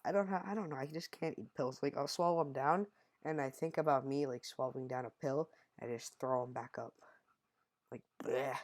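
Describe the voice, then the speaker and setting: A man's voice: mid-range voice, normal speed. A young man telling a childhood story in a casual, rambling way, often correcting himself mid-sentence. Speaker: storyteller vlogger.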